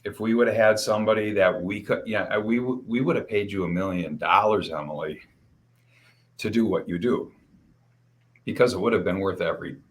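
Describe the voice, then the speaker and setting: A man with a very low voice hosts a casual interview. He is choked up and halting, repeating words as he tries to finish his thoughts. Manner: emotional, halting with repeated restarts. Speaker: podcast host.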